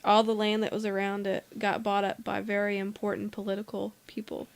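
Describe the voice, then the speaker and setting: A woman co-hosting a casual group podcast, telling stories in a relaxed, drawn-out way with many fillers. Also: medium pitch. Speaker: podcast co-host.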